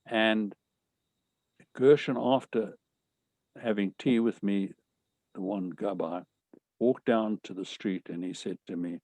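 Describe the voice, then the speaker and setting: A man's voice: fairly low pitch, steady tone, takes it slowly, pauses often, a little mellow, dry recording. Earnest older man telling his story. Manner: earnest, emotional storyteller who retells conversations. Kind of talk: personal storytelling talk.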